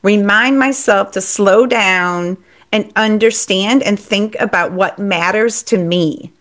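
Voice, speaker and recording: A woman's voice: mid-range voice, slow, fairly bright tone. A woman speaking as a podcast guest in a candid conversation, earnest and reflective, stressing her points with repetition.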